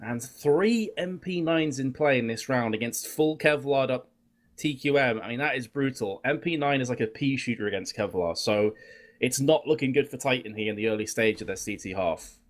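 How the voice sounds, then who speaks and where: A man's voice: medium pitch, normal speed. A man giving color commentary on an esports match with dry, teasing banter. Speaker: esports analyst.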